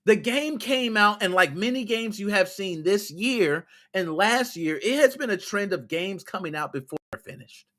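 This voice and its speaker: A male podcast host on a heated rant, his fairly high voice swinging widely up and down. His tone is very bright and sharp, and he scolds his listeners in loose, slangy talk with cursing. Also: lively intonation, normal speed, few pauses. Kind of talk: ranting gaming podcast.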